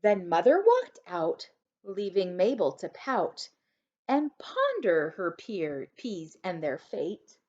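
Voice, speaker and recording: A woman teacher reading a rhyming picture book aloud in a slow sing-song, turning aside now and then to speak quietly to children. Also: on the low side, wildly swooping pitch. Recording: dull lo-fi recording.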